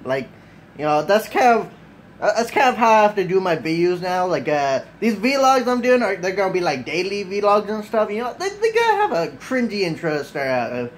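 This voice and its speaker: High-voiced man rambling loosely on a vlog. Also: very animated, normal speed, a little hiss or hum, low-quality recording. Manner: rambling, loose and profane, full of "like" and "you know"; self-mocking and easily sidetracked. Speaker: vlogger. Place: at home at his desk, just woken up. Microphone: camera mic off to the side.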